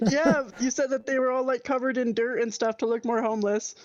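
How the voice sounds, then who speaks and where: A woman's voice: sits high, moderate pace, darkish tone, no echo, faint music behind. A young woman playing a tabletop game, chatty and giggly with lots of fillers. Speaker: player. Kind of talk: casual tabletop game chat. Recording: slightly dull dry mic.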